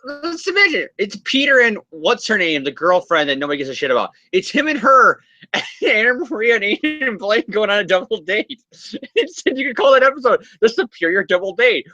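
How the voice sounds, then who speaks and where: A man's voice: high-pitched, very animated, a little fast, bright, forceful tone, highs cut off. A man co-hosting a podcast, riffing playfully and laughing as he invents jokes. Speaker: podcast co-host. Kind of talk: casual comic book discussion.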